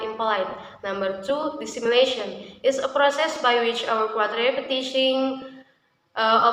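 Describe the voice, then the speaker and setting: A young woman with an Indonesian accent, briskly reading numbered points from a class presentation. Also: fairly high pitch, bright, forceful tone. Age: young adult. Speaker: student presenter. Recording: echoey hall with faint hiss.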